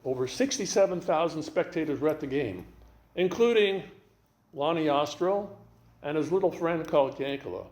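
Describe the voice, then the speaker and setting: A man speaking as a guest rabbi, telling stories in an animated way and acting out the dialogue. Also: on the high side, moderate pace, roomy sound. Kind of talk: storytelling talk.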